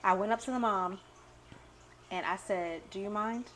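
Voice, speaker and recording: Bright, animated woman podcast co-host. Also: mid-range voice, normal speed, a little hiss or hum. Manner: animated storyteller who acts out quotes. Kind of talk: casual chat.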